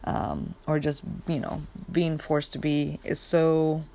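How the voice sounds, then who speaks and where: A woman's voice: low-pitched, level tone, slow pace, gravelly, darkish tone. A young woman rambling in a casual rant, sleepy and yawning, swearing often and stopping to restart her sentences. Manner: rambling, profane, many fillers and restarts.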